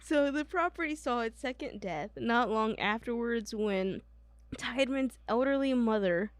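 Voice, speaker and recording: A woman's voice: a little high, expressive, a little slow, no echo. A young woman co-hosting a casual podcast, reading history notes, giggly and stumbling over names. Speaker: podcast co-host.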